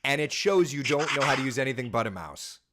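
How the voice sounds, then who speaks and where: A man's voice: medium pitch, fast, noisy background. A man hosting a casual live morning weather chat, joking and telling stories. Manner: chatty, jokey, lively storytelling. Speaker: TV meteorologist host.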